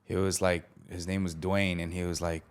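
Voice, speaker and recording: Slangy storytelling man, lowish voice. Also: moderate pace, clear, resonant tone. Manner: animated, acts out the quoted lines of others; casual, slangy, many fillers. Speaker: podcast host. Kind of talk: personal storytelling on a podcast.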